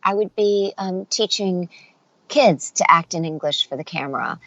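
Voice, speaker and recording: Woman, middle-aged, voice actor, animated storytelling, lower voice, dry dull audio. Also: normal speed, no echo. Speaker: voice actor and dialect coach. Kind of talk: casual interview chat.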